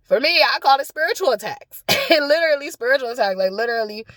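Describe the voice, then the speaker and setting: Vlogger, woman, blunt and profane, high voice, casual car rant, often laughing. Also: animated, fast, fairly bright tone, no room sound. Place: parked car.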